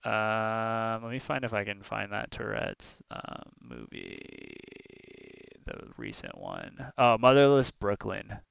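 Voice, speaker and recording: Slow and creaky, a young man's lowish voice comes through dull audio with no room sound. He co-hosts a streamed talk show, casually chatting and wandering through animated, filler-heavy stories.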